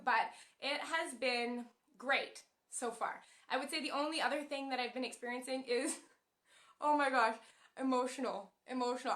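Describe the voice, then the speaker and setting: A young woman chatting to camera in a casual vlog, telling stories with animated, emotional energy and acting out quotes. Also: high voice, echoey room. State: pregnant. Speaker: vlogger.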